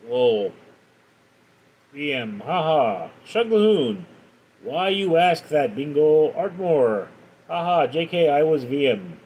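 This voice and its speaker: A man's voice: fairly high pitch, sing-song, slow pace, long pauses, darkish tone, husky, rough recording. A man hosting a live stream, casually reading out viewers' comments and answering them with chatty stories. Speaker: livestream host.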